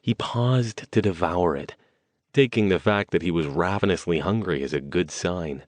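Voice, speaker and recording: Guy reading an audiobook, really low voice, dry studio sound. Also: moderate pace, no echo. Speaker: audiobook narrator. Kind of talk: scripted narration.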